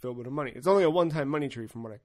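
A young man co-hosting a casual gaming podcast, an excitable storyteller who swears freely. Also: medium pitch, racing. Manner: excitable storyteller, swears freely, acts out his own shouting. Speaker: podcast co-host.

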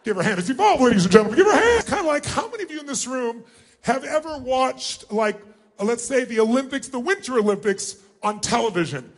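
A man with a very high voice speaking from a stage in a large arena, driving a huge crowd through an exercise. He is energetic and commanding and often shouts questions for the audience to call back. His tone is forceful and his delivery is lively. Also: fairly quick. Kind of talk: live seminar talk to a huge crowd.

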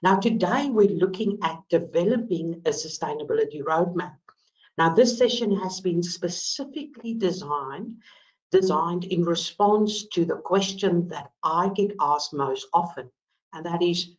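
A woman's voice: lowish voice, animated, unhurried, highs cut off. South African woman presenting a webinar. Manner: enthusiastic, frequent ums. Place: Melbourne.

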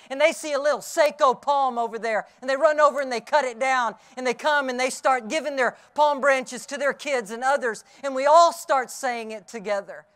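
A middle-aged man preaching an Easter sermon outdoors, telling the story vividly and dropping from loud cries to hushed tones. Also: very high voice. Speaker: pastor. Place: outdoors on a hilltop.

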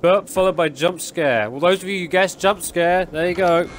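A man's voice: sits high, normal speed, slight background noise. A young man giving jumpy, exclaiming commentary while playing a horror game and talking to its characters. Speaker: gaming YouTuber.

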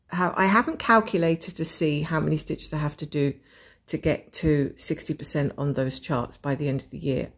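A woman's voice: low voice, darkish tone. A woman with a Scottish accent hosting a casual stitch-along chat, thinking aloud and weighing her options. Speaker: host of a cross-stitch channel.

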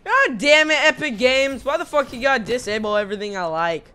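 A woman's voice: sits high, brisk. A young woman streaming a video game live, swearing freely and laughing a lot as she talks. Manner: profane, excitable, laughs often. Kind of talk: live gaming commentary.

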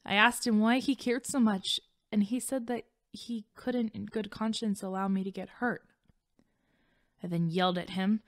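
A woman's voice: medium pitch, no room sound, studio quality, close to an everyday voice. A woman voicing a troubled young woman warrior, earnest and uncertain as she confides. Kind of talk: audiobook voice acting.

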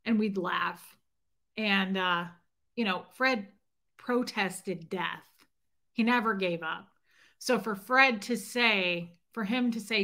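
Bright-voiced woman rambling on a livestream. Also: medium pitch, a little slow. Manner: rambling storytelling with restarts, answering chat by name. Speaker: livestream host. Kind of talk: emotional casual livestream talk.

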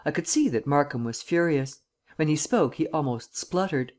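A man narrating a classic mystery novel as an audiobook in a measured, even way. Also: a little high. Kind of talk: scripted narration.

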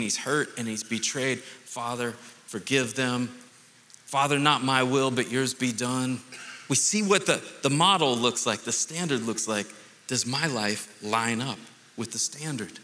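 A man pastor giving a conversational, animated sermon with playful asides. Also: medium pitch, big-room sound.

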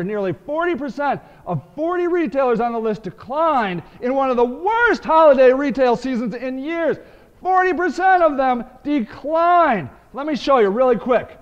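A man hosting a web marketing show, talking emphatically about good and bad websites. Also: very high voice. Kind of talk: energetic video commentary. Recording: dull, roomy lo-fi web video audio.

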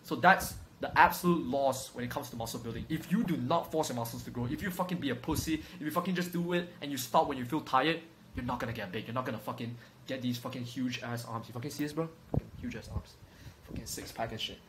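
A man's voice: mid-range voice, fast talker, fairly bright tone, a little hiss or hum, poor audio. A young man lecturing on fitness straight to camera in a brash, swaggering way, swearing constantly and calling the viewer bro. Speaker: fitness coach. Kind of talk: profane casual lecture to camera. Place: room at home.

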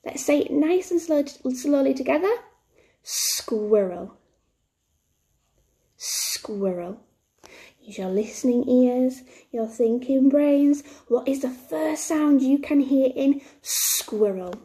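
A woman teaching young children their letter sounds, talking slowly and patiently. Her voice sits fairly high but has a soft, mellow tone. She showers the children with sing-song encouragement. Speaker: primary school teacher. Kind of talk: phonics lesson for young children.

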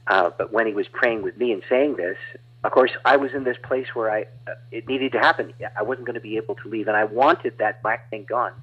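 Husky male guest evangelist, animated testimony storyteller, muffled lo-fi audio. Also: lowish voice, brisk. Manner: animated, dramatic retelling with laughs. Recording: dull lo-fi audio.

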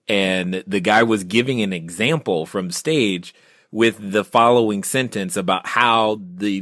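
Low-voiced, eager male podcast host. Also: no room sound, studio quality. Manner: energetic, interjecting, enthusiastic. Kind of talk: podcast interview.

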